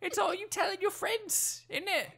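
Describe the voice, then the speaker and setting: A woman's voice: very high voice, moderate pace, gravelly, a bit bright, voice pushed up, exaggerated voice. A woman putting on a scruffy Cockney street orphan. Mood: wheedling. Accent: put-on London Cockney. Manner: wheedling, exaggerated, keeps saying "oi" and "innit". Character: shabby begging street orphan child. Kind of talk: comic role-play outro.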